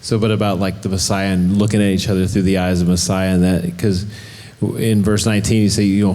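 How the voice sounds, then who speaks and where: A man with a very low, mellow voice speaks from the audience of a Q&A. He thinks aloud, searching for words and restarting his sentences. A long hall reverb hangs on every phrase. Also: level tone, fast, few pauses. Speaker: audience member asking a question. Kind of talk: reflective Q&A comment.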